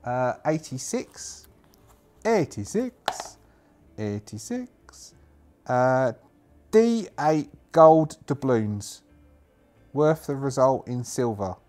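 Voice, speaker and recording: A man's voice: mid-range voice, lively intonation, slow, a little mellow, faint music behind. A man narrating a solo tabletop game, thinking aloud and rambling with many fillers.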